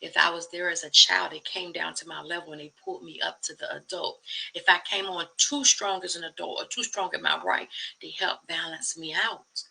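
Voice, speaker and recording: A woman host speaking earnestly and emphatically in a personal testimony vlog, often dropping to a soft hush. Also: lowish voice, fairly even intonation, normal speed, creaky, husky, poor audio. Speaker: channel host.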